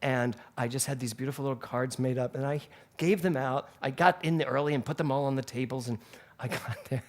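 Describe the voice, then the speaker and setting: A man's voice: mid-range voice, a little fast. A male minister giving a Sunday sermon in a spiritual center, telling stories animatedly and laughing along the way.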